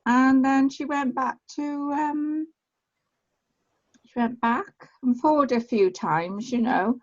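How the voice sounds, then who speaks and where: A woman's voice: high-pitched, takes it slowly. A woman chatting casually over a video call in an online class, often repeating herself. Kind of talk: casual chat. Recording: dull lo-fi video call audio.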